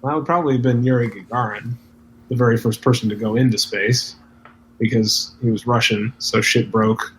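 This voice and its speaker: Deadpan man answering trivia. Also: mid-range voice, fairly quick, slight background noise, rough recording. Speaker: podcast co-host. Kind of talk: casual chat.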